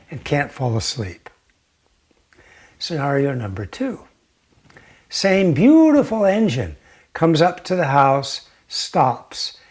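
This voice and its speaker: A man giving a gentle teaching talk, telling a story slowly and sometimes dropping to a near whisper. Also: on the high side, slightly rough. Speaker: meditation teacher.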